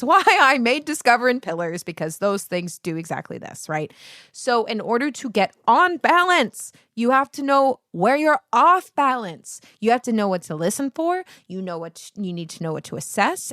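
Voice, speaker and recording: A woman's voice: medium pitch, dry recording, studio quality. Rambling, foul-mouthed woman singing teacher. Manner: rambling, profane, easily sidetracked; animated, self-mocking asides. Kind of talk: casual vlog monologue.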